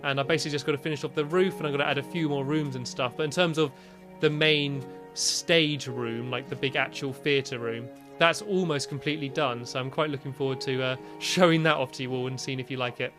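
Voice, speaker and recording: A young British gaming video creator chats casually as he plays and shows off his builds, speaking a little fast in a steady tone. When danger appears, he breaks into shrill, panicked yelps. Faint music plays behind him.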